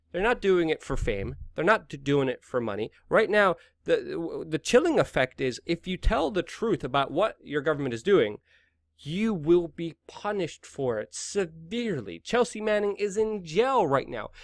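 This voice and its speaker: A man's voice: on the high side, big pitch swings, normal speed, dry recording, clean studio sound. A man hosting an online news commentary, talking in an indignant, emphatic and sometimes sarcastic way. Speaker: host.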